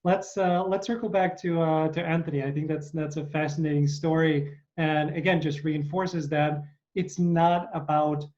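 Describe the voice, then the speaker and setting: A man's voice: fairly high pitch, flat delivery, moderate pace, hardly any pauses, a little mellow, muffled recording. A man hosting an interview, asking hesitant questions full of fillers. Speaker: podcast host, interviewer.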